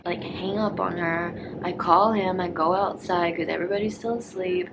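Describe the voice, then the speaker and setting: A woman's voice: fairly low pitch, fairly even intonation, moderate pace, hardly any pauses, background noise. A young woman vlogger telling a storytime in a rambling, filler-heavy way, slipping into whispered asides. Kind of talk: casual storytime vlog.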